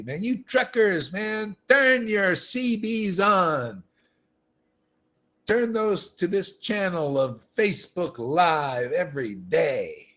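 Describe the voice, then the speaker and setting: Emphatic husky-voiced man preaching live. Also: on the high side, fairly bright tone. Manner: emphatic and repetitive, laughs often. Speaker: livestream host. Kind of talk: animated spiritual preaching on a livestream. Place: livestream setup.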